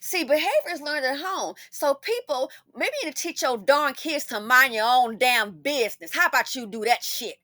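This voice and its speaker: Blunt, indignant woman commentator, high and animated, dry close mic. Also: normal speed, few pauses, dry recording. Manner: indignant, blunt, swears, talks back at the people in the clips. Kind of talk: heated commentary on a news clip.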